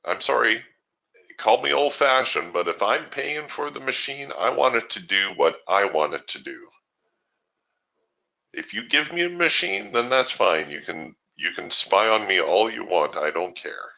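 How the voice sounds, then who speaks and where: A man's voice: on the low side, big pitch swings, measured pace, vocal fry, bright, forceful tone, dull audio. A man hosting a live trading webinar, chatting casually and with strong opinions as he answers viewer questions, laughing easily.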